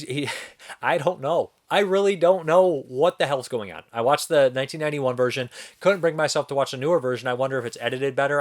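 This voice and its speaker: A young man giving a casual spoken film review, rambling and incredulous, swearing now and then. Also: on the high side. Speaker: movie reviewer.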